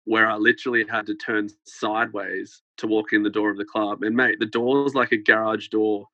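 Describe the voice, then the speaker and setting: A man's voice: on the low side, flat delivery, fairly quick, sharp tone, no echo. A young man telling a story as a podcast guest, rambling with lots of fillers and light laughter. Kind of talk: casual storytelling. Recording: dull lo-fi podcast sound.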